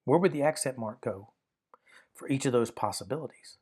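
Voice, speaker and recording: A man with a mid-pitched voice talks through a grammar lesson. He is patient and methodical and circles back to restate each rule. His delivery is plain and steady. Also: brisk, breathy edge. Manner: patient, methodical, repeats key points. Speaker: Greek grammar teacher. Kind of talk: explanatory teaching lesson.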